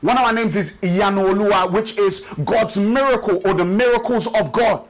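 High-voiced preacher. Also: male voice, rough recording. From Nigeria. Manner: rhythmic preaching with repeated phrases, slows for emphasis. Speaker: pastor. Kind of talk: sermon. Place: church service.

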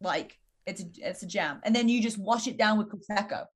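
A woman's voice: mid-range voice, a little fast, husky. An English woman, a fitness entrepreneur, answering interview questions in an upbeat, casual way, leaning heavily on "like". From England. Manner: upbeat, heavy use of "like".

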